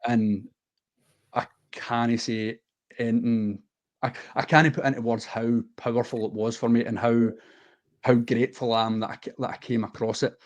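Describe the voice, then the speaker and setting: A man's voice: mid-range voice, little pitch movement, normal speed. A man from the west of Scotland with a Scottish accent, a podcast guest telling a personal story in an earnest, heartfelt and unguarded way.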